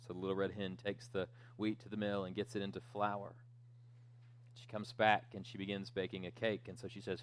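A man preaching as pastor, telling a children's story with asides and jokes in a relaxed, conversational way. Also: sits low, fairly quick, a little hiss or hum. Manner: joking storyteller, lively and conversational. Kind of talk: sermon.

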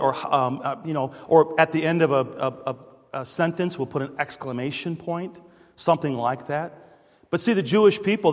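High-voiced preacher in an echoing hall. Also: male voice. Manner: swings from quiet asides to raised emphatic declarations; asks the congregation rhetorical questions. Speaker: pastor. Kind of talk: sermon.

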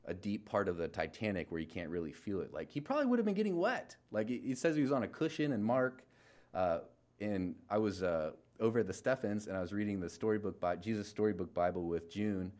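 Casual young male pastor, low-ish voice, informal sermon with lots of fillers and self-corrections. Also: sing-song, brisk, a little mellow. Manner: informal, filler-heavy, many restarts and trailing asides.

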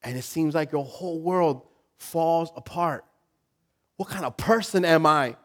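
A man preaching a sermon, animated, acting out inner voices with sudden loud high bursts, repeating words and laughing with the congregation. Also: a little slow. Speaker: pastor.

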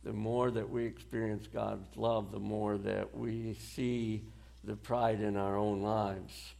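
A man preaching a sermon in a slow, deliberate way, pausing often between phrases. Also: fairly low pitch, level tone, gravelly, dark tone. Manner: slow, deliberate delivery with pauses and short dry laughs.

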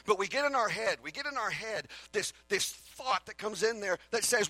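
A middle-aged man delivers a sermon as a pastor, with a somewhat high, bright and forceful voice. He swings between loud emphatic declarations and quiet earnest asides. The sound is dry and close, with a faint mains hum underneath. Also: expressive, normal speed, few pauses, no echo, poor audio.

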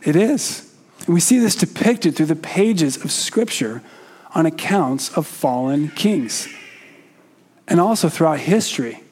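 A man preaching a sermon in a slow, measured way with frequent pauses, sometimes putting questions to the congregation. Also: fairly high pitch, lively intonation, a little mellow, slightly rough.

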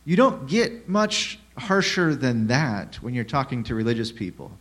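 A man preaching a sermon who asks the listeners rhetorical questions, drops in sarcastic asides and swings between hushed and loud delivery. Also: mid-range voice, moderate pace. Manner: rhetorical questions, lively shifts in loudness.

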